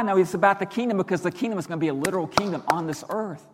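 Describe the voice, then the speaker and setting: A middle-aged man preaching a sermon as pastor, emphatic, his voice rising loud and dropping quiet. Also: high-pitched, rapid-fire, slight background noise. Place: church sanctuary. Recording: long hall reverb.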